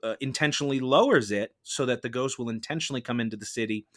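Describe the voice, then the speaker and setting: Man arguing a formal mock-trial case. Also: mid-range voice. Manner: measured, formal courtroom-style arguing. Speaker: mock-trial prosecutor on a film podcast. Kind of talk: prepared argumentative case delivered to a judge.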